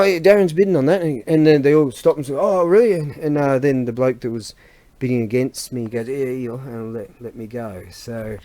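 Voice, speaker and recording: Rambling man, mellow voice. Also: medium pitch. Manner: rambling, chatty, laughs often, loses his train of thought. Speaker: vlogger and antiques seller. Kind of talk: casual rambling vlog chat.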